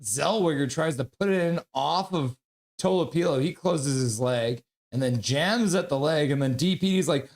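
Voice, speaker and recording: Excitable man streaming hockey. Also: a little high, normal speed. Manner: excitable, shouts out viewers' chat messages. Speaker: streamer doing live hockey play-by-play. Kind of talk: casual live-stream commentary.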